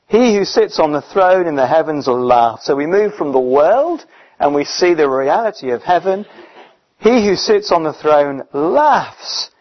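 A man's voice: fairly high pitch, big pitch swings, a little slow. Emphatic man preaching a sermon. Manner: conversational, emphatic, frequent fillers. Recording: dull, muffled recording.

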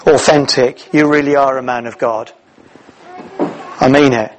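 A middle-aged man preaching a sermon, telling the story in a lively way with many "uh"s and restarts. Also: medium pitch, a little slow, noisy background. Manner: animated storytelling with many fillers.

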